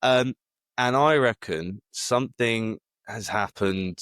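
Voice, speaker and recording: Low guy musing out loud, lots of ums, dry close sound. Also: slow, clean tone, no room sound. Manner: rambling, hesitant with many fillers and restarts. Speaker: podcast co-host. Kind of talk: casual chat.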